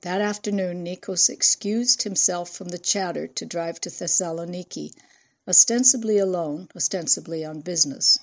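A woman's voice: on the low side, darkish tone. Woman narrating a thriller audiobook. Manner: measured, storytelling. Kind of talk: scripted narration.

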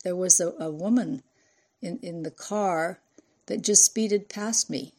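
A woman reading an audiobook voices a wary Greek man who speaks haltingly and fearfully. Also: high voice, creaky, darkish tone, exaggerated voice.

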